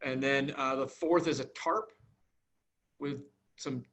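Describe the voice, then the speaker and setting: A man's voice: medium pitch, steady tone, takes it slowly, fairly bright tone. A man co-hosting a podcast in casual chat, hesitant with many fillers, and defensive when teased. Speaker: podcast co-host.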